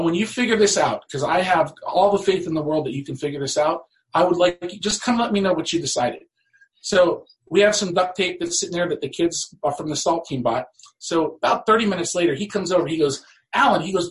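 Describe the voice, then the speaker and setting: Animated storytelling man. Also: high-pitched, a little fast, low-quality recording. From United States. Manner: animated, acts out quoted voices. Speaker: guest author. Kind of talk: storytelling in a talk show.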